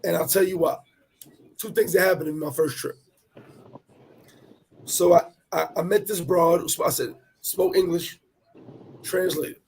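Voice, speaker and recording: Man, casual storytelling, fairly high voice, gravelly, profane, animated. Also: unhurried, pauses often, slight background noise. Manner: animated, profane street talk, repeats words. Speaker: podcast host telling a travel story.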